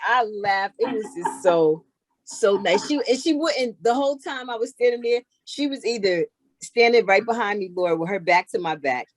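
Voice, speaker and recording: A middle-aged woman chatting casually as an interview guest, telling animated stories. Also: on the high side, moderate pace, no echo. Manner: animated, acts out others in her stories. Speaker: guest, knitwear maker. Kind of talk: casual storytelling chat.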